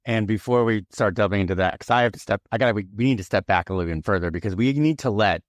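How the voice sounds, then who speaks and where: Low-voiced male podcast host. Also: fast, no room sound, studio quality. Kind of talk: conversational interviewing.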